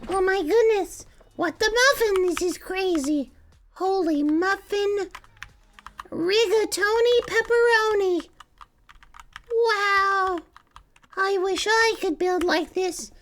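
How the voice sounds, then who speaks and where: A man doing a squeaky, wide-eyed kid voice that gushes over other players' builds with silly made-up exclamations. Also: slow pace, a bit bright, slight background noise, exaggerated voice. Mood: awestruck.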